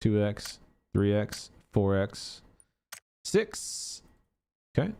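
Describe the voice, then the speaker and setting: A man's voice: on the low side, big pitch swings, very slow, creaky, warm tone, clean tone. A man giving casual gameplay commentary as a gaming YouTuber, thinking aloud in a chatty way with many filler words.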